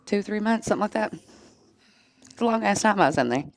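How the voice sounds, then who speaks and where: A woman's voice: medium pitch, expressive, fast, vocal fry. A woman streamer chatting casually with her viewers, candid and profane, often laughing. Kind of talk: casual chat.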